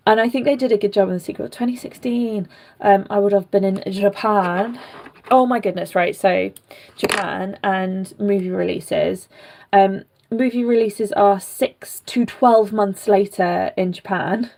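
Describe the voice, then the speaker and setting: A woman's voice: medium pitch, unhurried, gravelly, darkish tone. A young British woman vlogger chatting casually and rambling, with many fillers and asides, while rerooting a doll. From Britain.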